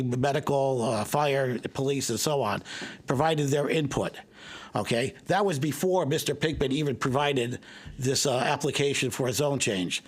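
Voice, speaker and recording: A man speaking as a resident at a town planning hearing, emphatic and insistent, repeating his points and checking in with "okay?". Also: medium pitch. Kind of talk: public comment at a town meeting.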